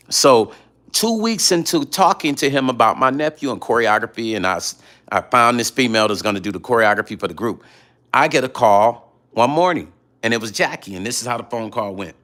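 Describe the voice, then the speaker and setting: A middle-aged man chatting casually late at night on his vlog, telling animated stories and repeating himself for emphasis. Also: medium pitch. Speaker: vlog host reading viewer comments.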